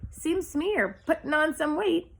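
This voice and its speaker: A woman's voice: sits high, expressive, normal speed, gravelly, voice pushed up. A woman reading aloud, voicing an old female sheep who delivers bad news bluntly. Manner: blunt, matter-of-fact gossiping.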